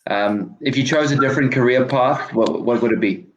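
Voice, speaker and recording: A man fires off quick casual questions to a guest, often opening with a hesitant filler. His voice sits at a middle pitch and carries a roomy echo. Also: dull audio, a little hiss or hum. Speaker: interviewer. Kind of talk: quick-fire interview questions. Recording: echoey room.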